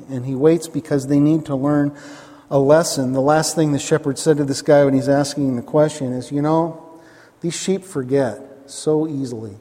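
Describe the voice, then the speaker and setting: A man's voice: on the high side, mellow, in a large hall. A man preaching a sermon, emphatic, repeating key phrases and asking his listeners questions.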